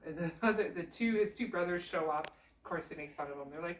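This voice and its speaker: A woman tells a fairy tale in a casual, chatty way, full of lively asides. Her voice sits fairly low for a woman. The room is echoey and she is some distance from the mic. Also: quick pace, slight background noise. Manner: chatty, animated, conversational asides. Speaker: storyteller. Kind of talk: casual oral storytelling.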